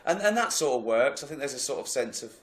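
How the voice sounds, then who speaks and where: A man's voice: medium pitch, sing-song, quick pace, a bit bright, reverberant. A man hosting a comic podcast, joking, laughing a lot and slipping into mock voices. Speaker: podcast host.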